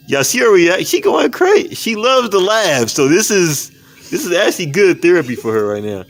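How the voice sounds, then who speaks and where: A man chatting casually as a street interviewer, coaxing and reassuring, counting out loud as he works. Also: high-pitched. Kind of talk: casual chat. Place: outdoors in public.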